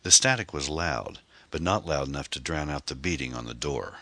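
A man reading a mystery novel aloud as scripted audiobook narration, expressive and steady, on a close microphone. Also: extremely low pitch, normal speed, no room sound.

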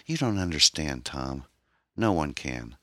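A man voicing a troubled young woman, an orphan who talks in a hesitant, halting, pained way. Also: very deep voice, big pitch swings, bright, forceful tone, no room sound, clean studio sound, full character voice. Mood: guarded, pained.

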